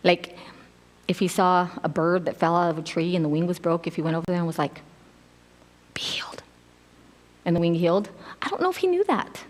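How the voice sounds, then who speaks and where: Animated woman preaching in a reverberant church. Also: on the low side, fast talker. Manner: animated storytelling, acts out quotes with laughs. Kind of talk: casual sermon. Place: church sanctuary. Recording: long hall reverb.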